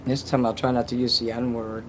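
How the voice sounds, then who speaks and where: A man's voice: medium pitch, level tone, moderate pace, a little hiss or hum, low-quality recording. A man casually chatting on a livestream, reading donations and rambling with crude jokes and many restarts.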